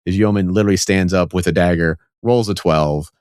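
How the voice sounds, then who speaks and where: Deep-voiced man explaining game rules. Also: fairly quick, a little mellow, clear, resonant tone, no room sound, clean studio sound. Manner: enthusiastic, explains rules step by step. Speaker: podcast co-host. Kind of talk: casual podcast chat.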